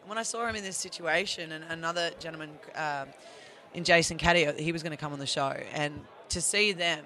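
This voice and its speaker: A man hosting a sports podcast, talking in an animated way and laughing often. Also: on the high side, fairly quick. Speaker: podcast host. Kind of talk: casual sports chat.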